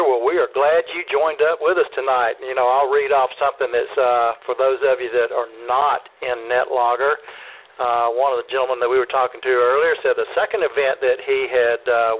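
Man, net control host; husky, folksy explainer, heard over a narrow radio-style line. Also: medium pitch. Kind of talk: ham radio net talk. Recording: phone-like radio audio.

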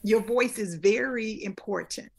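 A woman's voice: mid-range voice, unhurried, creaky, a little mellow, husky. A woman in her fifties, a guest speaker talking earnestly in a casual interview, repeating phrases for emphasis. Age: 50s. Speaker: guest speaker and life coach.

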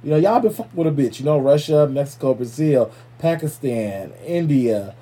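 Male podcast host, warm dark tone, loose and profane casual banter. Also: on the high side, animated, normal speed, husky. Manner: loose, profane, playful shout-outs. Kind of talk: casual chat.

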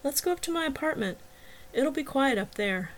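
Woman reading a worried young dorm advisor girl, pitched up and pleading, audiobook. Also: animated, moderate pace.

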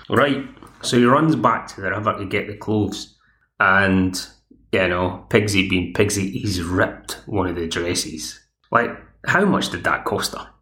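Gravelly man recapping an episode. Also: lowish voice, a bit bright. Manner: chatty, digressive. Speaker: podcast host. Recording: echoey room.

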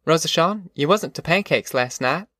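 A man voicing a weary, determined migrant farm mother who gives brisk orders. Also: a little high, animated, sharp tone, dry recording, studio quality, pitched above the performer's own voice. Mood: coaxing, worried. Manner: brisk, commanding.

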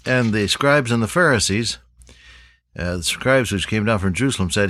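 An older man preaching a sermon to pastors in a folksy, unhurried way, with many pauses and uh's. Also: fairly low pitch, a bit bright, dry recording.

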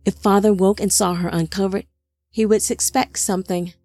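A woman narrating a scripted biblical-style story in a measured storytelling manner. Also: medium pitch, steady tone, mellow, no echo, faint music behind.

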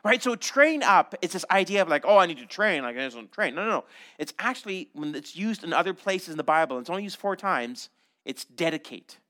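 A middle-aged man preaching a sermon in a church, animated and conversational, often checking in with "right?" and slipping in jokes. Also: high-pitched, a little fast. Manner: animated, conversational, frequent "right?" asides and joking. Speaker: pastor.

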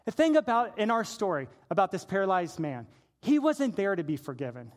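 A man preaching a sermon as a pastor, telling a story and swinging from hushed, low passages to shouted praise. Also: big pitch swings, a little fast.

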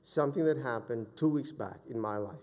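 A man in his forties preaching a sermon as a pastor, moving between loud fervent exhortation and quiet personal storytelling. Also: mid-range voice, fairly quick. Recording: long hall reverb.

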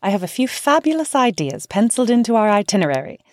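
A woman puts on a pushy, lively English hostess in a mock English accent, her voice lifted well above its natural pitch. She teases in quick, bright bursts, recorded close and dry with no room sound. It belongs to a storybook read aloud. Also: no room sound. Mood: eager. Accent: put-on English. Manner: brisk, playfully teasing.

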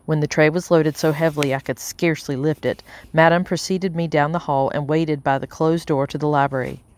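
A woman reading a novel aloud as an audiobook narrator, measured and steady, lightly voicing the characters. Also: sits low. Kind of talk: scripted narration.

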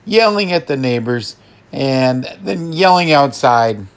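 A male podcast host recaps a film at a slow, unhurried pace. He chuckles often and pauses with fillers. His voice sits at a middle pitch. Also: lively intonation.

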